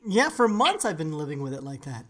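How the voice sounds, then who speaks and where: A man's voice: a little high, big pitch swings, a little fast, fairly bright tone. A man co-hosting a podcast, chatting casually and telling rambling stories with lots of fillers. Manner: rambling, laid-back storytelling. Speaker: podcast co-host. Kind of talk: casual chat.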